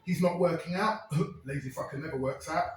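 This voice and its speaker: A man's voice: on the high side, fairly quick, a little hiss or hum. A man performing a crude, wry monologue as a storyteller in a live one-man show. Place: stage at a live club. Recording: echoey room, mic far off.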